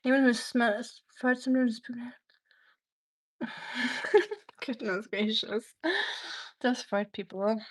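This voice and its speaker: Chatty German-accented woman, slightly high voice. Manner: chatty, reads viewer comments aloud and answers them. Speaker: live-stream cooking host. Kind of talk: casual live-stream chat while cooking.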